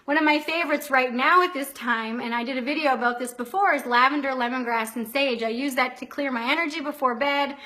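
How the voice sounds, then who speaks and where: A woman's voice: high voice, fairly quick, hardly any pauses, sharp tone. A middle-aged woman, host and anxiety coach, telling a story in a chatty live-stream talk and acting out her own reactions.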